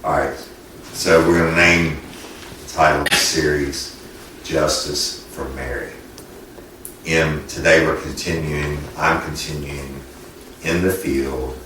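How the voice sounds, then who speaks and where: Very deep-voiced man, folksy host. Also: steady tone, slow. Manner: folksy, rambling, with many restarts. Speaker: podcast host interviewer. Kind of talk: casual interview on location. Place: on location with a family, not in a studio. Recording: echoey room, far mic, background noise.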